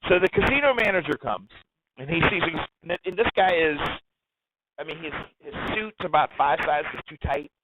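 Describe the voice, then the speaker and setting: A man telling a story as an interview guest, animated and excitable as he talks. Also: a little high, moderate pace, lo-fi sound, very noisy. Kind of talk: casual storytelling.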